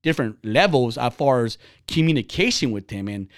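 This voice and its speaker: A man's voice: mid-range voice, fairly quick, no room sound, clean studio sound. A man hosting a podcast, telling personal stories in a blunt, profane, heated way. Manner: animated and heated. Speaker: podcast host. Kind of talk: casual chat.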